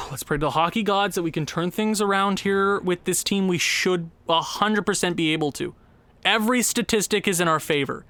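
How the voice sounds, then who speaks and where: A young man commenting on his own gameplay, sighing and exasperated, his voice jumping high when frustrated. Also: normal speed, fairly bright tone, no room sound. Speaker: gaming YouTuber.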